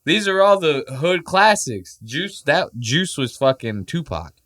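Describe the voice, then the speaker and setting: A podcast host of Puerto Rican heritage speaks in a fairly high voice, taking his time. The show is casual and he's animated and jokey, swearing freely and acting out quoted voices.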